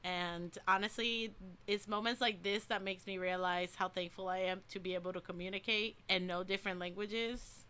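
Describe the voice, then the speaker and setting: A young woman from the Dominican Republic, a native Spanish speaker, co-hosting a casual podcast chat, animated and laughing as she retells stories. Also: medium pitch, moderate pace, clear, resonant tone. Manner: animated, laughing, quotes others in voices. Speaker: podcast co-host.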